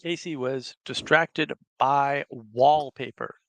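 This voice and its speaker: A man's voice: mid-range voice, fairly even intonation, takes it slowly, a bit bright. A man hosting a casual livestream, chatting and reading viewer comments aloud. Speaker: livestream host.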